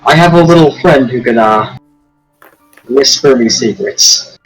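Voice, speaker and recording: A man playing a tabletop game on a voice call, relaxed and reassuring toward the other players. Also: medium pitch, a little slow, slightly rough, faint music behind, low-quality recording. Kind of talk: casual game chat.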